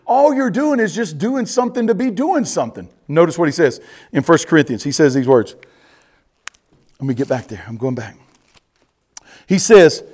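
A man, a pastor, preaching a sermon, often calling out to the congregation and swinging between loud emphatic passages and quiet, low asides. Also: animated, brisk. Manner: preaching with emphatic rises and drops, addressing the congregation directly.

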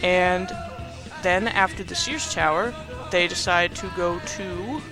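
A young podcast host casually recaps a movie, rambling with lots of filler and playful sarcasm. His voice is high-pitched and slow, with music playing in the background.

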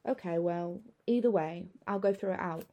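A soothing young husband, voiced by a woman storyteller, speaks in an easygoing, reassuring way. She keeps close to her own low, mellow tone. He comes across as steady and caring in this spoken horror tale. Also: normal speed, lo-fi sound, lightly acted. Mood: gentle. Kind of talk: storytelling narration.

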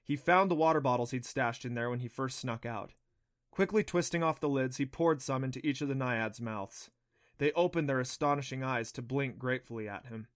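A man's voice: mid-range voice, a little fast. Man narrating an audiobook steadily. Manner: steady storytelling.

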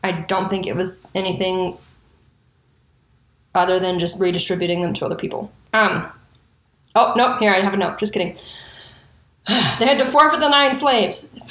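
A woman's voice: medium pitch, normal speed, long pauses, a bit bright, reverberant. A woman telling a history story in a casual, profane way, with indignant and sarcastic asides. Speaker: true crime storyteller.

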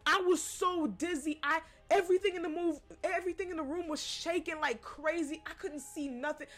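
A woman with a high voice tells a personal story to her podcast listeners. She talks casually and curses freely, often laughing between lines. Faint music plays behind her. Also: steady tone, fairly quick, fairly bright tone. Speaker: podcast host.

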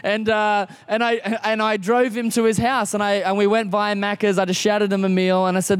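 A young adult man with an Australian accent preaching a sermon, telling a personal story in a conversational way with quick asides. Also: high-pitched, fairly even intonation, smooth, dry recording. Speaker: pastor. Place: church service.

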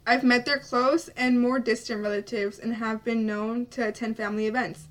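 A woman's voice: fairly high pitch, fairly even intonation, normal speed. A young woman chatting casually on a vlog, reading out quiz questions in a playful, giggly way. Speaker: vlogger. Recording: from a distance from the mic.

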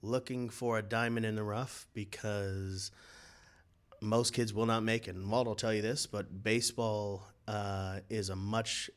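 A man's voice: on the low side, steady tone, a little slow, smooth. A man who is a guest on a casual podcast, laid-back and laughing easily as he tells his story.

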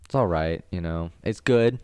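A young man from Florida with a very deep, smooth voice, chatting casually as a podcast co-host. He rambles, swears freely and laughs often, recorded close and dry with no room sound. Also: moderate pace, a little mellow, no room sound. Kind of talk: casual chat.

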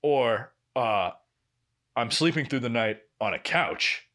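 Speaking slowly at a medium pitch, a young man co-hosts a podcast and tells stories in casual chat. He's an animated narrator, acting out quotes and swearing freely as he goes.

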